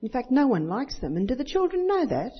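A woman's voice: high voice, big pitch swings, a little fast, husky. An older woman giving a sermon, telling personal stories and acting out the voices of children. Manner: storytelling, acts out voices of children and others. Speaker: Christian speaker. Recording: dull lo-fi recording.

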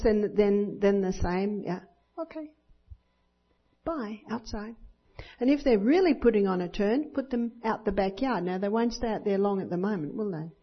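A woman, a parenting teacher at a church talk, gives a teaching talk to an audience, acting out bits of dialogue and often asking listeners to agree. Her voice is mid-range with a breathy edge, captured in a dull, lo-fi recording.

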